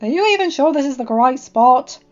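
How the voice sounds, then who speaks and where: Woman voicing a brash grousing teen boy, high indignant voice, storybook reading, dull sound, faint music. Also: expressive, fairly quick. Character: brash grumbling teenage boy.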